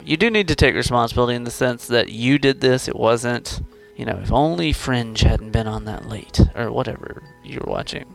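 Man with a gravelly voice, coaching playfully. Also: medium pitch, brisk, hardly any pauses, soft background music. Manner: encouraging, playful, prodding with questions. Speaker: host coaching a student. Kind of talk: conversational coaching interview.

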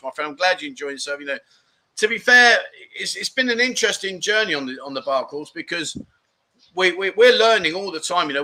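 A man's voice: a little high, sharp tone. A man hosting a live chat show outdoors, rambling casually as he reads out viewer comments. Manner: rambling and chatty, with many restarts and asides. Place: outdoors in a garden under trees.

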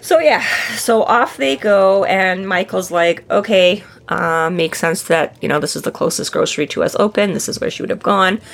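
A woman's voice: medium pitch, moderate pace, creaky, hardly any pauses. A woman hosting a podcast in casual book-discussion chat. She rambles with many fillers and restarts, swears freely, and acts out the characters' lines. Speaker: podcast host.

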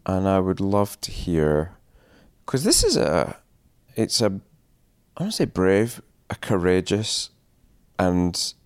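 A man hosting a podcast interview, asking questions in a halting, restarting way. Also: low-pitched, sing-song, smooth, no room sound, clean studio sound. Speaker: podcast host.

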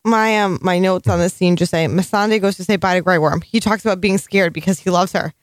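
A woman's voice: on the low side, fairly even intonation, fairly quick, no room sound. Sarcastic woman co-hosting a podcast. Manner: dry, sarcastic and bored-sounding. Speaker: podcast co-host. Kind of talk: casual chat.

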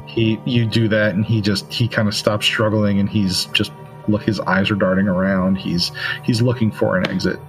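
Low-voiced man running a tabletop game. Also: faint music behind. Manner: relaxed, halting, many fillers. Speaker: game master.

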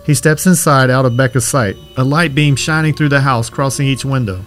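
A man reading a horror story aloud as scripted narration, in a steady, even way. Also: medium pitch, a little fast, slight background noise.

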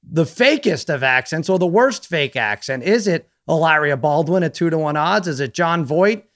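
A man's voice: on the high side, animated, normal speed, a bit bright. A man hosting a casual podcast chat with a slightly raised voice. He talks in a playful way and keeps throwing questions at the others. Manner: playful, quizzing. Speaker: podcast host.

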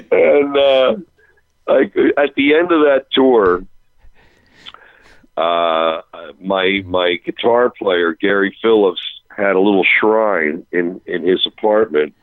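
A man, a touring rock musician, telling an animated anecdote on a radio interview, breaking off and restarting as he goes. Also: low voice, takes it slowly, no room sound, phone-quality sound. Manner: animated, self-interrupting, chuckling storyteller.

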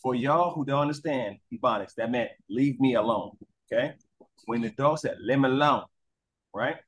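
A man telling stories in a casual interview as a guest. He swears freely and acts out dogs and people in quick voices. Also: medium pitch, slight background noise. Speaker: guest, crime scene investigator. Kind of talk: animated storytelling in casual interview.

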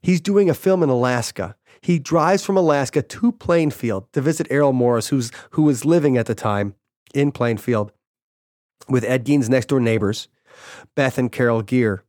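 A man's voice: medium pitch, moderate pace, darkish tone, dry recording. Man casually retelling a story, dry sound. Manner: retells events loosely, paraphrasing quotes with "he's like". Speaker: podcast host.

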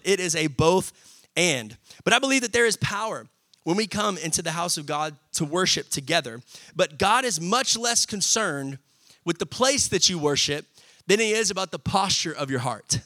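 A young man preaching a sermon, energetic and conversational, often calling out to the congregation. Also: high-pitched, no echo. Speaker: pastor.

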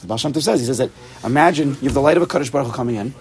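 A man teaching an informal Torah study class, animated, repeating himself and restarting sentences, mixing in Hebrew and Yiddish terms. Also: mid-range voice, very fast. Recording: recorded in a study room for a tape.

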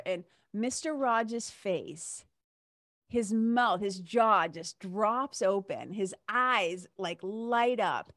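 A woman's voice: mid-range voice, expressive, slow pace, no room sound, studio quality. Heartfelt woman in her fifties telling a story. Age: 50s. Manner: warm storytelling, emotional, says "like" and "right?" often. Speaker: host. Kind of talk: casual heartfelt monologue.

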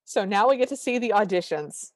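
A woman co-hosting a podcast, recapping a movie in animated casual chat and quoting the characters. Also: mid-range voice, brisk, dry recording, studio quality. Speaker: podcast co-host.

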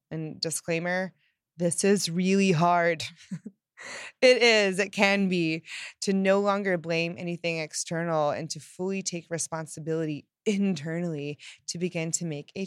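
A woman with a lowish voice talks through a reflective self-help monologue. She sounds earnest and candid, speaking straight to the listener. The sound is close and dry. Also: clear, resonant tone, no room sound.

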